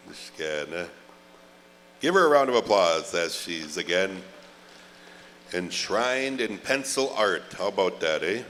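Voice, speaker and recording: A man announcing at a live gathering, unhurried and slightly low-pitched. His words ring out with a long loudspeaker echo, and a faint hum sits underneath. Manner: slow, drawn-out calls with frequent "oh, uh" fillers and joking asides. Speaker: pow wow emcee. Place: large outdoor event grounds.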